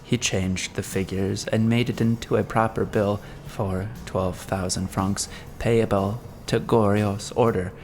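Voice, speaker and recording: A man narrating a classic novel as an audiobook in a measured, dramatic storytelling manner. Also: lowish voice, fairly even intonation, a little mellow.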